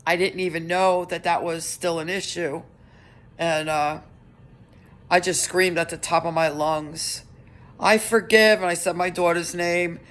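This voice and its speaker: Middle-aged woman, slightly low voice, vlogging an earnest personal update with halting restarts. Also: level tone.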